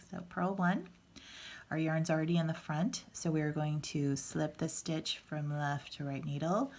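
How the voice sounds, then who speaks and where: A woman's voice: low-pitched, a little mellow. A woman teaching a casual hands-on knitting tutorial, patient and chatty, with fillers and restarts as she explains each step. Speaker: knitting instructor.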